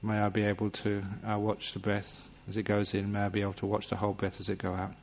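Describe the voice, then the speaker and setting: A man giving a gentle, humorous meditation talk, acting out little scenes as he teaches. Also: on the low side, monotone, quick pace, a little hiss or hum. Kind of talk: dharma talk. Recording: dull lo-fi recording.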